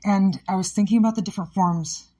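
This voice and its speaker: A fast-talking woman with a mellow, steady, mid-range voice hosts her own show as a comedian. Upset, she gives a candid and emotional personal monologue about something painful, scattered and now and then sarcastic.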